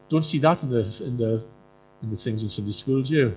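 A male preacher, delivering a sermon in an animated way, often jumping into mocking voices. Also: brisk, a little hiss or hum. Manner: animated, jumps into high mocking voices for quoted characters. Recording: muffled lo-fi sound with faint music.

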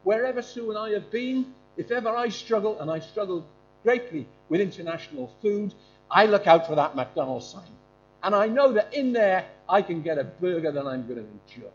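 A man's voice: sits high, expressive, normal speed, soft background music. A man giving an informal sermon to a congregation, animatedly quizzing his listeners. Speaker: preacher giving a talk to a congregation. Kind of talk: informal sermon with questions to the audience. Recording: dull lo-fi with faint hum.

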